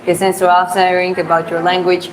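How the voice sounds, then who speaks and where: A woman from Georgia, a non-native English speaker with a Georgian accent, walks city streets while livestreaming and answering viewer questions in a rambling, filler-heavy chat. Her voice is on the low side and monotone, she talks fairly quickly, and there's background noise.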